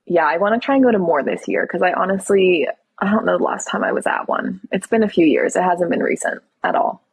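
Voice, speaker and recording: A young woman hosts a relaxed live stream, reading out comments and answering them frankly. Her voice sits low and has a breathy, husky edge. It sounds dry and close, with no room around it. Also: brisk, no echo, low-quality recording. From Toronto, Canada. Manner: relaxed, reads out viewer questions and answers them candidly. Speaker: livestream host.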